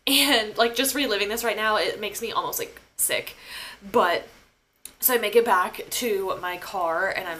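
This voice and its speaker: A woman's voice: mid-range voice, pushed and bright, a little hiss or hum. A young woman hosting a podcast, telling a personal story in a casual, emotional way, with lots of filler words and swearing. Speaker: podcast host.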